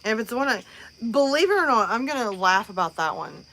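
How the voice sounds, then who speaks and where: A woman's voice: fairly high pitch, big pitch swings, quick pace, bright, forceful tone. A woman host chatting casually on a live stream, rambling with many fillers and restarts.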